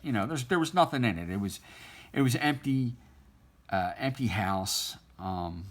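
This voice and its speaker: A middle-aged man with a fairly low voice tells an old story while he draws. He rambles and restarts, and he laughs often as he talks. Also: expressive, moderate pace. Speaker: artist drawing on stream. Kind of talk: casual storytelling while drawing.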